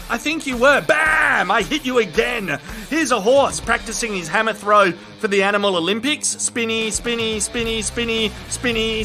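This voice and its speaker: Aussie bloke doing a funny voice-over, high bright voice, swears a lot, bit of music underneath. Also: male voice. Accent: Australian. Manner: crude, excitable, slangy running commentary. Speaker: comedic video commentator. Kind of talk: comedic voice-over commentary on viral clips.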